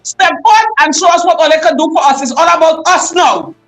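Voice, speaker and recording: Poor audio with faint music behind it carries a very high, fairly bright female voice speaking a little fast. She is a Trinidadian livestream host from Trinidad and Tobago whose commentary is fired up and emotional, her voice often rising as she speaks out.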